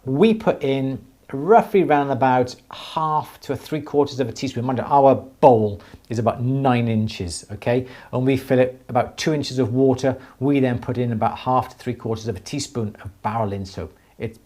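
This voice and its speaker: A man's voice: medium pitch, normal speed, few pauses, dark tone. A man hosting a live jewellery Q&A, explaining techniques enthusiastically and with many restarts. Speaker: jewellery teacher, show host. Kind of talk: live Q&A stream.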